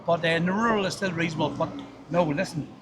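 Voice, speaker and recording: A man's voice: fairly high pitch, quick pace. A man with a Northern Irish accent, a friendly, talkative tourist chatting on a seafront promenade. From Northern Ireland. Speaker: tourist passerby. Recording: street noise outdoors.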